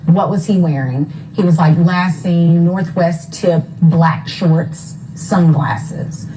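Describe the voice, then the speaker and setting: A mother recounting events for an interview in a lowish, mellow voice. She goes step by step and pins down the times, with plenty of fillers. There is a faint hum of noise behind her. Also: takes it slowly, poor audio. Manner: detailed, careful about times, uses many fillers. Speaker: mother of a missing son.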